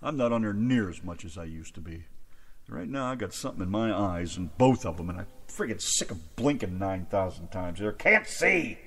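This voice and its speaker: A man's voice: low-pitched, moderate pace. An American man co-hosting an internet radio show on a headset, joking rowdily with listeners in the chat. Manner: jokey, animated, rowdy.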